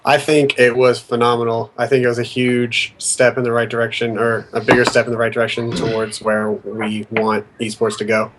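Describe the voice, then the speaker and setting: A man's voice: medium pitch, completely flat delivery, moderate pace, hardly any pauses. A man guest in a casual gaming chat, earnest and restarting his phrases, heard over a voice call. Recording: noisy voice call.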